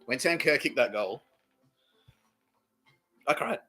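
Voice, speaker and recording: A man's voice: medium pitch, animated, slow pace, sharp tone, breathy edge, low-quality recording. Profane Australian man rambling on a podcast. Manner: profane, boastful, wandering, laughs at own jokes. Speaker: podcast host. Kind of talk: rambling comedic solo monologue.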